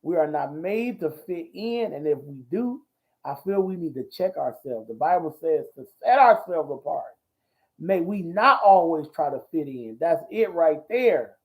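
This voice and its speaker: A man hosting a ministry talk show, talking in a folksy, preachy way, repeating himself and whooping with excitement. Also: a little high, moderate pace. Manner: exclamatory and repetitive, whooping with excitement. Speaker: host. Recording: dull lo-fi audio.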